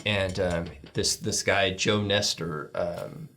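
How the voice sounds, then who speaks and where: A middle-aged man, a guest on a church talk show, speaks slowly and steadily in a bright, forceful voice. He tells a heartfelt, rambling story with many restarts, raising his voice higher whenever he acts out someone's quoted words.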